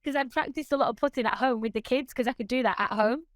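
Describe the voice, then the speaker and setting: A woman guest on a podcast, telling stories in a lively, animated way and laughing often. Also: high-pitched, fast talker, no room sound. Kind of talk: casual chat.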